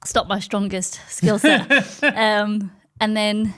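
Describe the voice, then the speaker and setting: A woman in her forties, a comedian, telling stories in casual podcast chat, animated and swearing often, acting out voices. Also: mid-range voice, takes it slowly. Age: 40s. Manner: animated, swears a lot, acts out voices in anecdotes. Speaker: comedian guest.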